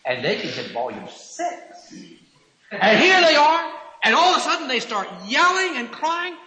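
Brief: male preacher, high bright voice, swings up and down, booming in a reverberant hall. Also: sing-song, measured pace. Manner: emphatic, rhetorical questions, mimics irritated husbands. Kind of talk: sermon. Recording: echoey hall reverb, cassette recording.

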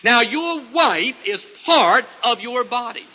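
Man, preacher, sermon, high pitch, very bright tone, dull lo-fi recording, long reverb. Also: lively intonation, slow, husky. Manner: emphatic preaching with rising and falling swings.

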